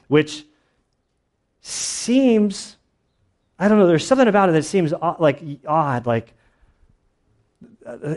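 A man's voice: on the high side, darkish tone. A man preaching a sermon in a casual, conversational way, telling stories with lots of fillers and restarts. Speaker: pastor.

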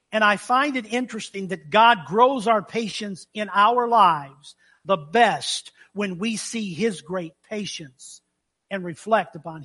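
Bright high-voiced preacher man. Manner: preaching with swings between loud emphasis and hushed asides. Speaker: pastor. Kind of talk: sermon.

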